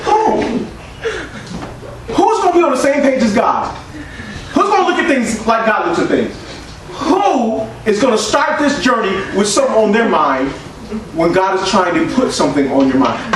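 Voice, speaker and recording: A pastor delivers a call-and-response sermon with a high, animated voice. He is miked from a distance in a booming church sanctuary, with a faint hiss underneath. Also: normal speed. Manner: call-and-response preaching, swings from shouts to hushed tones. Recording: echoey church room from far off, faint hiss.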